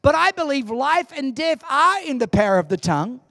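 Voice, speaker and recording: A man in his sixties preaching a sermon in church, animated and humorous, with emphatic delivery. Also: very high voice, fairly quick, gravelly, dry recording, clean studio sound. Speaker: pastor.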